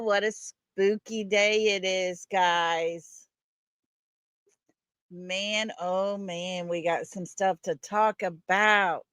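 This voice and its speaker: A woman's voice: medium pitch, clean tone, dry recording, studio quality. A woman hosting a livestream, greeting viewers one by one in a folksy way. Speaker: livestream host. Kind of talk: casual livestream chat.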